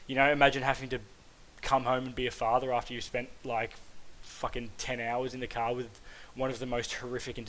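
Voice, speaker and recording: A man's voice: mid-range voice, fairly bright tone, rough recording. Casual swearing Australian man reviewing films. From Australia, Queensland. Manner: casual, frequent "um" and "like", swears freely. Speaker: film reviewer. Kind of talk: casual spoken film review.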